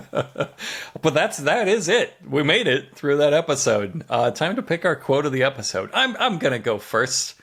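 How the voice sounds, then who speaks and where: A man co-hosting a comedy podcast, recapping a TV episode with animated, mock-dramatic storytelling. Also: fairly high pitch, moderate pace, creaky, slightly rough. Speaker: podcast co-host.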